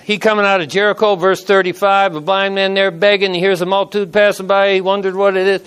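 High-pitched older guy preaching, loose and folksy, tells stories like at a kitchen table. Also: level tone, fast, fairly bright tone, smooth. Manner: folksy, conversational, acts out quotes. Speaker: pastor. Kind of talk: casual sermon storytelling.

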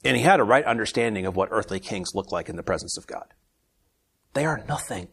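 A man leads a casual Bible study, his voice sitting slightly low. He reads the scripture passages aloud with lifted energy, then slips into relaxed, chatty commentary between verses. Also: fairly quick, vocal fry, husky. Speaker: Bible teacher.

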